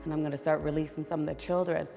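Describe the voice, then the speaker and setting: A woman's voice: sits low, little pitch movement, racing, creaky, dark tone, big-room sound, soft background music. A woman telling a legend gives the voice of a resourceful young boy carver who urgently takes charge of the other children. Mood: determined.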